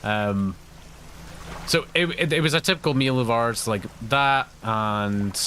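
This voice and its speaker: A man's voice: medium pitch, measured pace, bright, forceful tone, a little hiss or hum. A Scottish man streaming a game live, telling rambling, chatty stories with frequent laughs. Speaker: gaming streamer. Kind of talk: live let's-play commentary.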